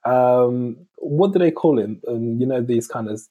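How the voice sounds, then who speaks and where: A man co-hosting a podcast, talking in a halting way and often searching for his words. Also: medium pitch, narrow, tinny audio, slight background noise. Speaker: podcast co-host. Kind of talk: casual chat.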